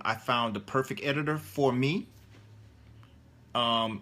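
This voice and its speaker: Middle-aged male author, casual, rambling with fillers; bright, forceful tone. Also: mid-range voice, a little hiss or hum. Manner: rambling, many fillers and restarts. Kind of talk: casual interview answers.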